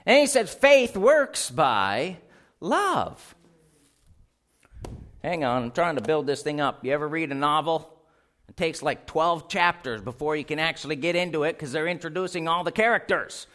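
A man's voice: on the high side, a little fast, bright, forceful tone. A man preaching a sermon, reading scripture aloud and putting questions to his congregation.

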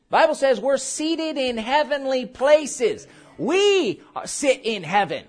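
A man preaching a charismatic sermon at a church service, laughing through his words in an animated, playful way. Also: very high-pitched, slow, few pauses.

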